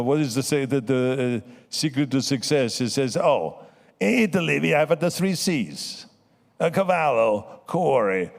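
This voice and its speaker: A man's voice: medium pitch, darkish tone. A man in his seventies with a foreign accent giving an emphatic motivational acceptance speech, repeating his key phrases. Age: 70s. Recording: long hall reverb.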